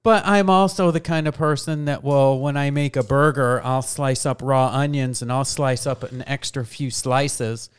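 A man's voice: medium pitch, fairly even intonation, normal speed, hardly any pauses, clean tone. A man co-hosting a casual podcast, protesting and easily flustered in the banter. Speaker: co-host.

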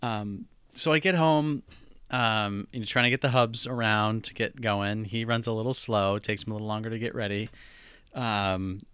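A man casually telling a funny story, animated, acting out voices and laughing often. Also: on the low side, normal speed, clear, resonant tone, dry recording.

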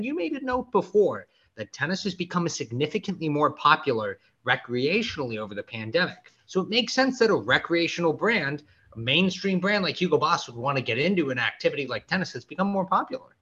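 A man's voice: a little high, bright, forceful tone, slightly rough. Dry-witted man with a dull lo-fi mic. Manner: dry, teasing wit. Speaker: podcast co-host. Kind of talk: casual tennis podcast chat.

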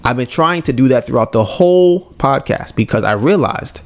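A man co-hosting a casual podcast, speaking in a laid-back, fairly monotone way and rambling, correcting himself and swearing as he goes. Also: medium pitch, normal speed. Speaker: podcast co-host.

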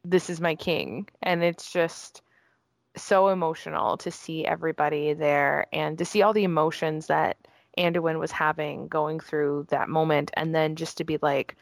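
Woman guest, low gravelly voice, excited and emotional, dry close sound. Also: no echo. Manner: gushing and emotional, quick bursts. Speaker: guest discussing a game trailer. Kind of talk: excited casual chat.

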